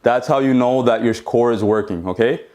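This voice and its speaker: Here a man with a medium-pitched, darkish voice guides a home workout at a moderate pace. As a fitness instructor, he exercises along, counts reps, encourages, and asks "okay?" to check in.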